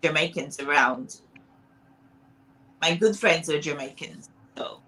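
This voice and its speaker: An easygoing woman chats as a guest over a video call. Her voice is bright and forward, and she keeps things light, with a laugh close at hand. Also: low-pitched, takes it slowly, poor audio. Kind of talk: casual chat.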